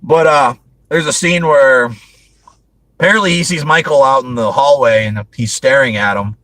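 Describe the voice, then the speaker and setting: A man's voice: medium pitch, moderate pace, a bit bright, no room sound, poor audio. A man hosting a casual movie review chat, rambling with frequent restarts and laughing often. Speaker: host.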